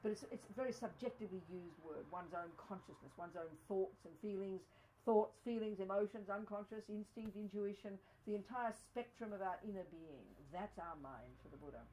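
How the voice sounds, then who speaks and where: A woman's voice: medium pitch, brisk, dark tone, slight background noise, rough recording. A woman giving a Buddhist teaching to a study group, talking emphatically with many "you know"s. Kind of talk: dharma teaching talk.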